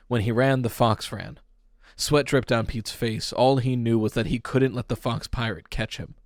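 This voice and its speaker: Expressive male audiobook narrator, dry sound. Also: mid-range voice, no echo. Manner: expressive reading, raising voice for tense dialogue.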